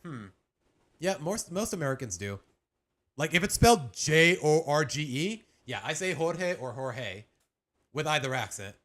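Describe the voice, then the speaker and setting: A man's voice: fairly high pitch, sing-song, a little slow, a bit bright. A young adult man chatting casually on a live stream as he reacts to a video, rambling with restarts and slang.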